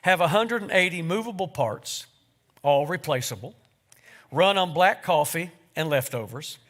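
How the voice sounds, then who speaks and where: A preacher reading as the Lord, a proud patient creator. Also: male voice, a little high, animated, normal speed, fairly bright tone. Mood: proud, fond.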